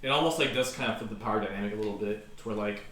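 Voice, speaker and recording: A man in a Bible study group gives his take quickly, hedging with lots of fillers. He sounds far from the mic in a very echoey room with faint noise behind him. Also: fairly low pitch, pushed and bright. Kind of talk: casual group discussion.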